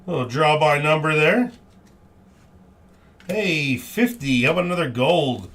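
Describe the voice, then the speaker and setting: Man, card break host, live stream commentary, upbeat, animated pitch, slow delivery. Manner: upbeat, reads out each card, cheerful exclamations.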